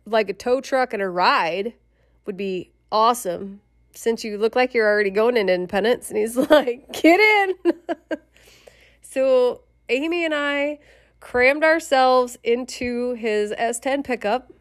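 A middle-aged woman casually telling a personal memoir, animated, swearing and laughing as she goes. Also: fairly high pitch, a little slow. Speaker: storyteller.

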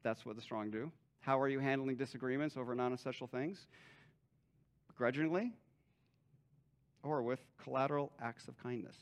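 A male pastor preaching a casual sermon, acting out imagined conversations and ending in a quiet prayer. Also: medium pitch, normal speed, long pauses. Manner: conversational, acts out imagined dialogue.

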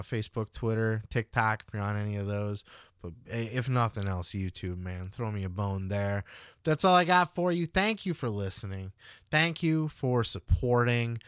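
Male podcast host, thirties, loose rambling delivery with casual swearing; smooth voice, dry close sound. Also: on the low side, a bit bright, no room sound.

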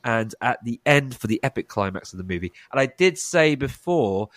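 A young adult man with a nasal voice, talking in a chatty, animated way as a radio guest. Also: medium pitch, normal speed, dry recording. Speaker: quiz host guest. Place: radio studio.

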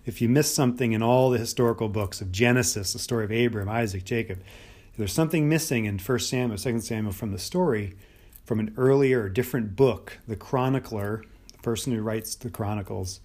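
A man's voice: lowish voice, darkish tone. A middle-aged American man teaching on the Bible in a loose, unscripted podcast talk, thinking aloud with many restarts and fillers. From United States.

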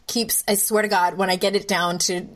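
A woman's voice: mid-range voice, fairly even intonation, normal speed. A woman hosting an interview podcast, chatting casually with a wry, self-deprecating humor. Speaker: podcast host.

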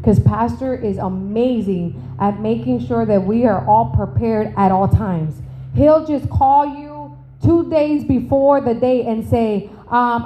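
A woman preaching to a church, telling a funny story with animated acted-out dialogue, then slowing to emphatic phrasing on scripture. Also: fairly high pitch, lo-fi sound, slight background noise. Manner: animated, humorous, acts out conversations. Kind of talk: sermon with storytelling. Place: church service.

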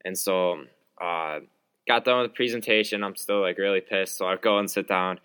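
A man's voice: low voice, steady tone, normal speed, a bit bright, clean tone. A young man hosting a podcast, telling a story in a rambling, filler-heavy, heated way. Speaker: podcast host. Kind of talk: casual storytelling monologue.

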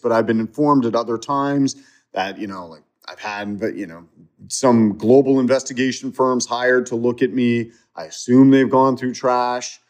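A man's voice: medium pitch, normal speed. A man being interviewed, telling stories in a rambling, casual way with restarts. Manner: rambling, restarts, animated when mocking. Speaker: guest.

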